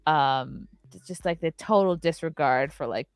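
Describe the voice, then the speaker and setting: A woman telling a story in a casual podcast chat, animated and profane, acting out what people said. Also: deep voice, moderate pace, clear, resonant tone, dry recording, soft background music. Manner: animated, profane, acts out quotes.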